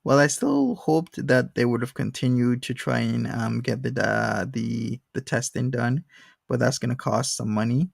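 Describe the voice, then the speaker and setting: Husky, gravelly man chatting. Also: mid-range voice, lively intonation, normal speed, dry recording, clean studio sound. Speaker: host of a commentary stream. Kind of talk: casual commentary chat.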